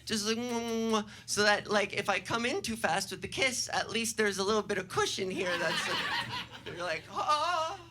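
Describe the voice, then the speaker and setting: A young trans woman doing improvised stand-up comedy, brash, profane and self-mocking, jumping into loud silly voices. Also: medium pitch, animated, moderate pace, noisy background. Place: stage before a live audience.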